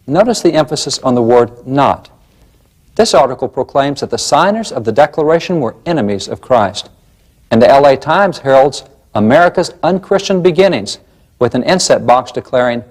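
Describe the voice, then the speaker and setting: A man's voice: mid-range voice, animated, fairly quick. A man presenting a documentary lecture, emphatic and fond of rhetorical questions.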